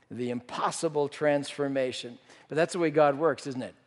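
A man's voice: a little high, moderate pace, hardly any pauses. A man preaching a sermon, telling a story and acting out the disciples' voices. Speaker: pastor. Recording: reverberant hall.

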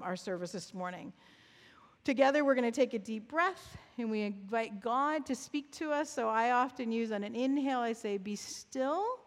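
Gentle woman guiding prayer in a hall. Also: fairly high pitch. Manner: gentle, reflective, guiding listeners through prayer. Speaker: church speaker leading a prayer practice. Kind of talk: sermon. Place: church sanctuary. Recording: long reverb of a large hall.

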